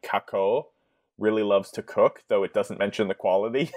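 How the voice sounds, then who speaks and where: Guy guesting on a podcast, lowish voice, chatty, laughs at himself a lot. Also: normal speed, darkish tone. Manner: chatty, laughs often at his own ideas. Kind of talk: casual podcast chat.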